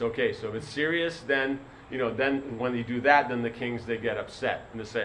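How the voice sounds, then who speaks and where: A man's voice: medium pitch, fairly quick, few pauses, a bit bright, slight background noise, poor audio. A man giving a sermon as a spiritual teacher, telling a story in a rambling way full of "you know".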